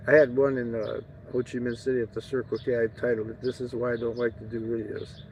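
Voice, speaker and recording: A man's voice: mid-range voice, level tone, fast, darkish tone. A man talking in a casual, rambling travel vlog, joking and swearing freely as he goes. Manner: profane, joking, digressive. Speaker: travel vlogger. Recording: dull lo-fi audio with faint outdoor noise.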